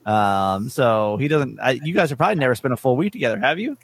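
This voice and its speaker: A woman's voice: very deep voice, animated, fast talker, husky. A woman hosting a podcast, teasing her co-host in playful, casual banter. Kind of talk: casual chat.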